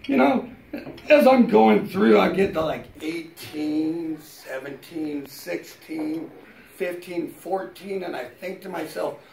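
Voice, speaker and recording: Slow, gravelly man in his fifties. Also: a little high, slight background noise. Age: 50s. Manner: slow deadpan storytelling, swearing, rising to shouted punchlines. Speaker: stand-up comedian. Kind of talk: stand-up comedy set. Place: comedy club stage. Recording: roomy club sound from a distance. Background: audience laughter.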